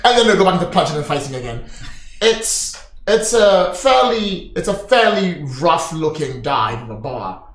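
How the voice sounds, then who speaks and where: Lively man narrating a tabletop game. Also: high voice, normal speed. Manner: lively storytelling, animated descriptions. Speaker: game master. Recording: roomy echo.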